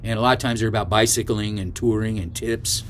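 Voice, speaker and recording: A man's voice: fairly low pitch, steady tone, fairly quick, a little hiss or hum. Rambling older man telling a story. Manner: rambling, chatty, full of asides and "you know". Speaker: travel vlogger. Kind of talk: casual storytelling to camera.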